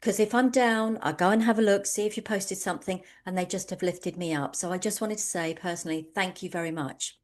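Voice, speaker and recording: A woman's voice: lowish voice, fairly quick, few pauses, natural voice. Woman voicing a grateful female fan. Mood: heartfelt. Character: grateful adult female follower, heartfelt.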